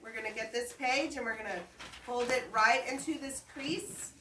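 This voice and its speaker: A woman's voice: fairly high pitch, moderate pace, pushed and bright. A woman teaching a primary school class, giving patient step-by-step directions and encouragement. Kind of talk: classroom instruction. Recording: echoey classroom, mic at a distance, noisy.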